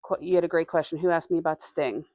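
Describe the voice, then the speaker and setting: A woman teacher leads a reading lesson in her classroom, reading aloud at a slow, deliberate pace and pausing to question her students. Her voice sits fairly low and sounds close and dry, with little room sound. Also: fairly even intonation, mellow, no echo. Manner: reads aloud slowly, quizzes students.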